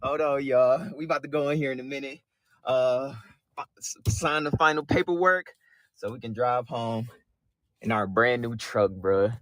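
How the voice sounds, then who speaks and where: A young man filming a vlog about buying his new truck, hyped and slangy, shouting with joy, at a dealership and inside the truck on a phone camera. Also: mid-range voice, normal speed, no echo, low-quality recording. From Michigan. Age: young adult. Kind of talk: excited vlog clip. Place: truck dealership lot, outdoors and in a truck.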